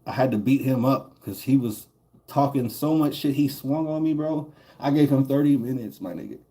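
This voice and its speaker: A male gamer in the middle of a stream, drifting through a long story in an easy, mid-range voice. His talk is loose and profane, full of fillers and little chuckles. He is neither high nor low. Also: normal speed, mellow. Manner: rambling, profane, chuckles often. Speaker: gaming streamer. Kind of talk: casual storytelling while streaming.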